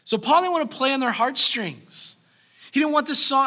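A man in his thirties preaching a sermon as pastor, animated, breaking into acted asides. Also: extremely high pitch, moderate pace.

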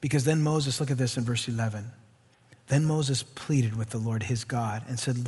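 A man preaching a sermon, reading scripture aloud and breaking into animated, chatty asides. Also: mid-range voice, moderate pace, breathy edge. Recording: reverberant hall.

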